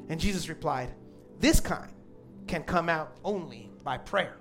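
A man's voice: a little high, sing-song, normal speed, music in the background. A man preaching a sermon to a church crowd in a conversational way, with asides to the congregation. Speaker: pastor.

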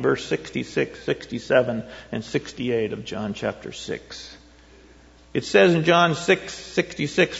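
Male pastor, gravelly and fairly high, chatty sermon with rhetorical questions, dull echoey church capture. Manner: rambling, rhetorical questions, reads scripture aloud. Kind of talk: conversational sermon. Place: church sanctuary.

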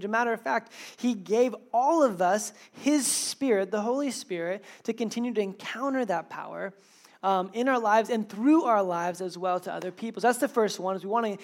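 A man in his thirties preaching a sermon, telling a funny personal story in a self-deprecating, humorous way. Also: high-pitched. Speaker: pastor.

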